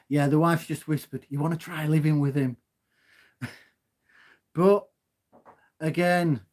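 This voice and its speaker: Loud, gobby man on a phone stream. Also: on the high side. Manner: loud, gobby, chatty, laughs often. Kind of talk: casual live stream chat. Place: home.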